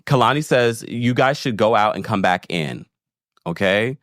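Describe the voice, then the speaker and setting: A man's voice: on the low side, moderate pace, no echo, clean studio sound. A man in casual livestream chat, recapping a reality show and reading viewer comments aloud with laughs. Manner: animated, laughing, talks straight to viewers.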